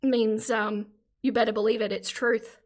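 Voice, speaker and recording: A woman's voice: fairly high pitch, level tone, moderate pace. A middle-aged Australian woman chatting casually on a live stream, reading out chat comments and laughing often.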